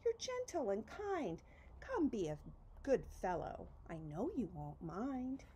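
A woman's voice: fairly high pitch, huge pitch swings, takes it slowly, warm tone, a little hiss or hum, heavily acted. A woman voicing a lazy, whiny female bird who pleads and wheedles in a storybook reading. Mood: wheedling.

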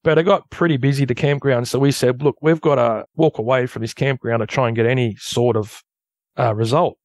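An Australian man tells his story as a guest, rambling and casual and picking up energy when it gets tense. His voice sits in a middle pitch. The sound is dry and close, with no room around it. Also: fairly quick, no room sound. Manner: rambling, loose storyteller who grows animated at tense moments. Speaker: guest recounting an encounter.

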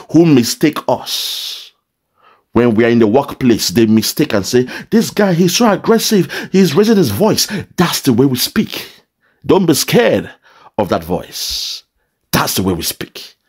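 Forceful man preaching commentary. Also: mid-range voice, animated, measured pace, slightly rough. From southeastern Nigeria. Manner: forceful, preaching, heavy repetition. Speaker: political commentator. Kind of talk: impassioned video commentary.

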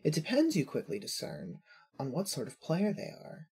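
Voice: medium pitch, wildly swooping pitch, normal speed, creaky, a little mellow, husky. A narrator reading second-person fanfiction in a wry, observant way.

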